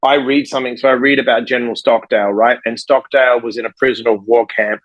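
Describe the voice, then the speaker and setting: A man who is a life coach and author, telling a story in a podcast conversation with lively energy and acting out the people in it. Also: medium pitch, fast talker, no room sound, muffled recording. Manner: energetic, acts out the people in his stories.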